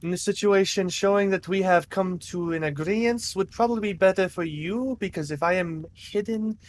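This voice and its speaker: A man's voice: fairly high pitch, unhurried, slight background noise, lightly acted. A man voicing a cat prince who speaks formally in an affected regal accent. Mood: diplomatic. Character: soft-spoken cat prince, putting on regal airs.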